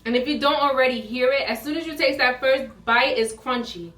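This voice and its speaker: High, bright, teasing woman co-host. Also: brisk, distant mic. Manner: teasing, chatty, needling. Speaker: cooking show co-host. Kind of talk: casual banter. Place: home kitchen. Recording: roomy room from afar.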